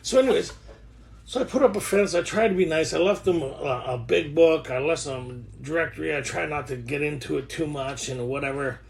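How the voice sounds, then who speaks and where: A man in his thirties sharing his recovery story in a rough, joking way, with many restarts. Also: fairly high pitch, fairly quick. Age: 30s. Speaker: recovery workshop speaker. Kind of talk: candid recovery share.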